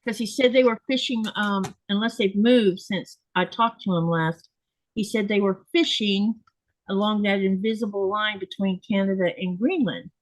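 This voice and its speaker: A woman chatting casually at her home sewing desk as a show host. She rambles along, restarting her sentences and laughing easily. Her voice sits at a middle pitch, and the sound is dry and close. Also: fairly even intonation, moderate pace, no echo, poor audio. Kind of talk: casual chat while sewing.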